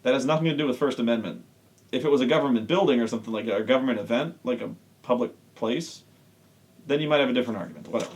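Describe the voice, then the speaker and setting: A man's voice: mid-range voice, rapid-fire, darkish tone. A man giving a sarcastic, profane rant as an online wrestling reviewer. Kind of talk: casual ranting commentary.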